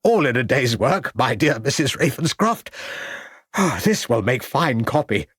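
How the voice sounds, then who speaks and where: A man's voice: medium pitch, big pitch swings, unhurried, a bit bright, breathy edge, no echo, studio quality, exaggerated voice. A man voicing a pompous, gallant small-town journalist with a formal way of speaking. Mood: jolly.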